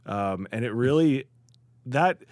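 A man from the Chicago area tells food stories as a guest in a casual interview. His pitch sits in the middle, and he acts out the people he quotes with lively jumps in his voice. The mic is close and dry. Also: slow, no echo. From Chicago area, USA. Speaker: guest writer.

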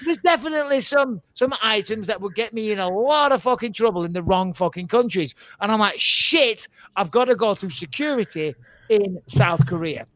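A man co-hosting a podcast, telling an animated story and swearing freely. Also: high-pitched, moderate pace, dry recording. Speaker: podcast co-host. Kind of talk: casual podcast chat.

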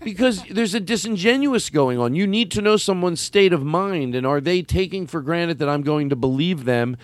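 A man hosting a casual chat, rambling and animated, with many restarts. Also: fairly high pitch, moderate pace, dry recording.

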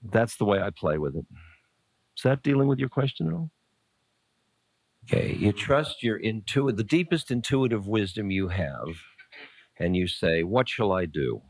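A man's voice: on the low side, big pitch swings, normal speed, pauses often, no room sound. Man musing through a dry, close spiritual talk. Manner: musing, conversational, playfully blunt. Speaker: spiritual teacher. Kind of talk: informal spiritual talk answering a question.

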